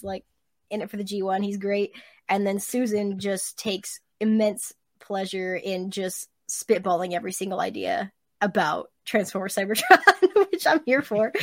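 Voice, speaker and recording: A woman's voice: medium pitch, darkish tone, dry recording. A woman chatting casually as a podcast guest, talking freely and laughing often. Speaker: podcast guest, convention volunteer. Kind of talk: casual chat.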